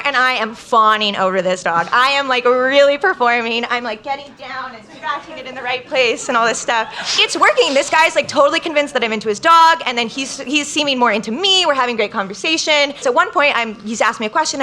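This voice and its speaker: Young woman spinning a funny story on stage, high bright voice, chatty and quoting everyone. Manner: chatty, peppered with "like", quotes people in lively bursts. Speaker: guest storyteller. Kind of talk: comic storytelling to a live crowd. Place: live show stage.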